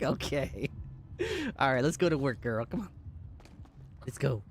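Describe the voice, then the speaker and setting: A man's voice: medium pitch, expressive, a little slow. A man roleplaying a police dog handler, chatting to his dog in a doting, chatty way and laughing often. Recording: game ambience and vehicle noise behind.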